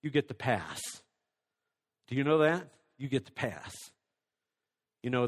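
A man preaching a sermon as a pastor, fervent and conversational, swinging between loud and hushed passages. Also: mid-range voice, normal speed, long pauses, slightly rough. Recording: long hall reverb.

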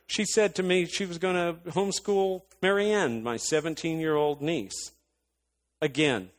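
A man preaching a sermon, telling a story in a lively, animated way that climbs into impassioned rants. His voice sits fairly high, and a long reverb from a large hall trails after each phrase. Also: measured pace.

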